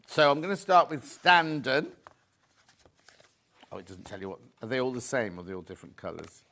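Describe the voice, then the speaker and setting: A man's voice: mid-range voice, very animated, brisk, bright, forceful tone. A man hosting a live shopping show, chatting casually, joking with the crew and reading out viewer messages. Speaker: shopping channel host.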